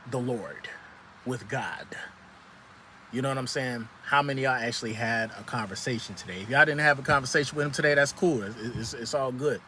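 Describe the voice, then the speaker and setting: A man's voice: medium pitch, sharp tone, slight background noise. A man vlogging outdoors in the sun, giving a profane, preachy motivational rant with lots of repetition.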